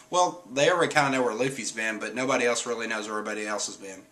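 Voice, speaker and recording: Young male reviewer, casual and giggly, with a bright and forceful tone. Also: medium pitch, quick pace, poor audio. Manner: chatty, laughs often, acts out quotes in silly voices. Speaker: comic chapter reviewer. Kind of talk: casual recap commentary.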